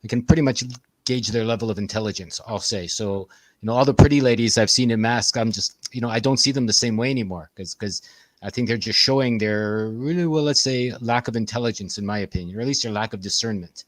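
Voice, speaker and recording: A man's voice: lowish voice, fast talker, dry recording. A man with a Canadian accent, co-hosting a casual livestream chat in a blunt, opinionated, rambling way. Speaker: co-host.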